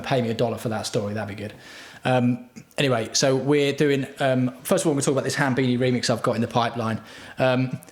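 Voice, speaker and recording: A man hosting a livestream, telling crude, self-mocking stories in a rambling, profane way. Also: medium pitch. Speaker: livestream host. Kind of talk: rambling casual livestream chat. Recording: roomy home room.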